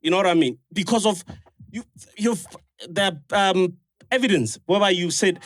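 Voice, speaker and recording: A man's voice: high voice, moderate pace, a bit bright, no room sound, clean studio sound. A South African man in a live audience, asking the hosts a question in a hesitant, stammering way. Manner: hesitant, stammering, calls people dog. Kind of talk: live podcast Q&A.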